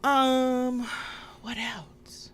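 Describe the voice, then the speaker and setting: A woman's voice: high-pitched, drawn-out words, slight background noise. A woman co-hosting a podcast, chatting casually, telling stories with swearing and laughs. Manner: animated, swearing storyteller with frequent laughs. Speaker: podcast co-host. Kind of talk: casual chat.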